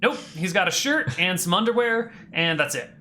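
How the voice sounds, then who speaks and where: Bright-voiced game master narrating a tabletop game. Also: medium pitch, animated, a little hiss or hum. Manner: casual, quick asides with fillers.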